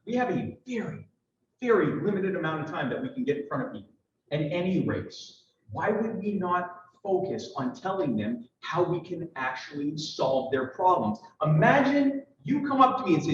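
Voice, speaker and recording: A man's voice: on the high side, big pitch swings, a little fast, slight background noise. Emphatic man speaking in an echoey hall. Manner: emphatic, acts out little dialogues, rhetorical questions. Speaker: political speaker. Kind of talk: persuasive speech to a party audience. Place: large room at a party convention. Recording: echoey hall, picked up from a distance, muffled.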